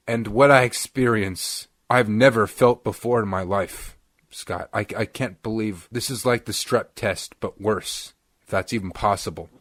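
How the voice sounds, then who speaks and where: Animated young man telling a story. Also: lowish voice, measured pace, no echo, studio quality. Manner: animated, acts out quoted voices. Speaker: podcast co-host. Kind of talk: casual storytelling chat.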